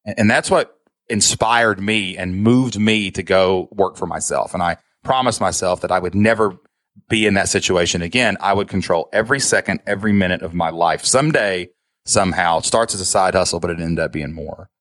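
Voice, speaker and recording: Earnest low-voiced man telling his story. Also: a little fast, a bit bright, dry recording. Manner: earnest, emotional, often says "man". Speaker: guest, online business founder. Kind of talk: candid storytelling in conversation.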